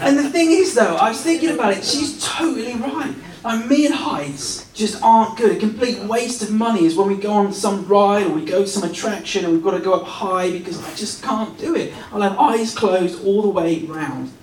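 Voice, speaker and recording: A man giving a relaxed, self-deprecating sermon built around a family story, recorded in a church hall. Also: high voice, moderate pace, a little hiss or hum. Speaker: pastor. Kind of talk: sermon with personal stories. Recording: roomy sound from a distance.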